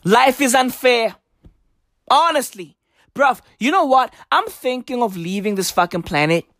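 High-voiced woman in a shouty comedy rant. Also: expressive, unhurried, dry recording, studio quality. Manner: loud, profane, mock-outraged, often shouting; heavy street slang.

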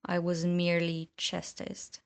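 A woman's voice: on the low side, monotone, a little slow, clean tone. A woman reading the lines of a cool, sardonic young male wizard in an audiobook.

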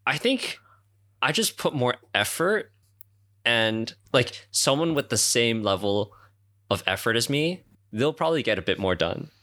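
A man co-hosting a casual chat podcast, teasing his friend and quick to joke. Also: medium pitch, sing-song, fairly bright tone. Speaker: podcast co-host.

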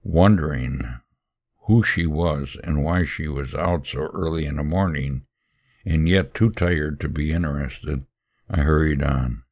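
A man reading a first-person story aloud, earnest and unhurried, with occasional fillers and sermon-like asides. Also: extremely low pitch, a little mellow, dry recording, studio quality.

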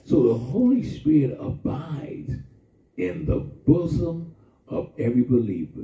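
A man preaching a sermon in a call-and-response style, drawing out his emphasis slowly and then rushing through asides. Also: medium pitch, big pitch swings. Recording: distant, echoey, phone-like sound from far off.

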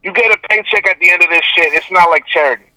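A man calling in as a podcast guest talks bluntly and emphatically, swearing heavily and repeating his points. His voice sits high and bright, with a wide, bouncy pitch, and sounds dry and close. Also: racing, no room sound, poor audio. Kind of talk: casual chat.

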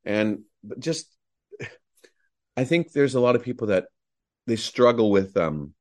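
A man's voice: medium pitch, sing-song, a little slow, darkish tone. A middle-aged male actor, a guest, telling enthusiastic, rambling anecdotes full of fillers. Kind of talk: anecdotal storytelling.

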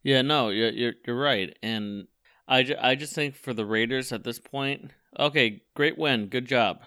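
Young male sports podcast co-host, bright and crisp voice, dry close mic, animated and laughs a lot. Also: mid-range voice, a little slow, no room sound. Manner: animated, laughs often, repeats words when excited. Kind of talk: casual sports chat.

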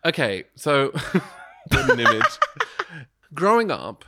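A man co-hosting a casual podcast chat, adding slow, wry remarks. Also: fairly high pitch, huge pitch swings, very noisy. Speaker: podcast co-host.

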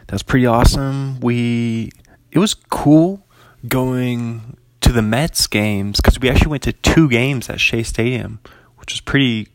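A man's voice: medium pitch, no room sound. Rambling, laughing young man. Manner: rambling, laughs often, lots of likes. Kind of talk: casual chat.

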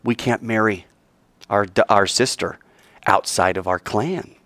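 A man's voice: fairly low pitch, unhurried, a bit bright, no echo. A man putting on sing-song scheming brothers. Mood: fake cheerful. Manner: sweetly mocking, sing-song. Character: two scheming brothers, fake-friendly young men.

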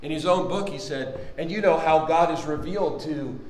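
A fervent male Bible teacher with a fairly high voice. He swings from loud, exclaiming preaching down to low, quiet explanation. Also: normal speed, reverberant, a little hiss or hum, poor audio. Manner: fervent, exclaims hallelujah and amen.

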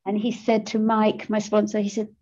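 A woman's voice: mid-range voice, monotone, moderate pace, a little mellow, highs cut off. Older woman, self-mocking, laughing. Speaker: recovery speaker. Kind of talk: personal testimony.

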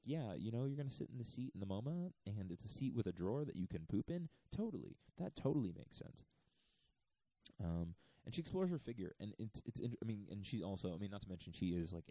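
A man's voice: fairly low pitch, warm tone, no room sound, rough recording. A man hosting a podcast, talking casually and rambling with many fillers and restarts. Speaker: podcast host.

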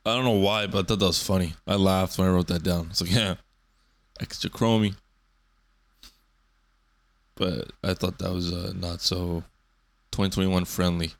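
A man's voice: sits low, fairly even intonation, brisk. A man in his twenties hosting a solo podcast, rambling loosely and swearing often. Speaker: podcast host.

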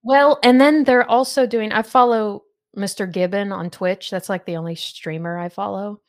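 A woman chatting on her podcast, easygoing and a bit self-conscious, breaking into laughs as she tells stories. Her voice sits at an ordinary middle pitch. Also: fairly even intonation, moderate pace. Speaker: podcast host. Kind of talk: casual chat.

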